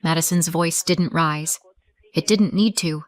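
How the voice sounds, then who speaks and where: A woman reading a scripted first-person family drama as the storyteller. Her voice sits a little low for a woman and moves in a measured, dramatic way.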